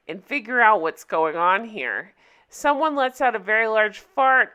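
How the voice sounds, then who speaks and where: Giggly bright-voiced woman. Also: medium pitch. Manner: giggly, keeps breaking into laughter. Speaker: recap vlogger. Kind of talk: casual TV episode recap.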